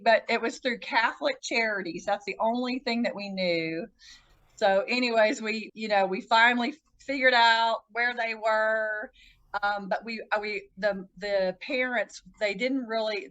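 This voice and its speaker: A woman's voice: a bit bright, low-quality recording. A woman podcast guest telling a personal story in a casual, earnest way. She often stops and restarts her sentences. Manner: earnest, halting, with frequent restarts; acts out quoted voices with pitch jumps.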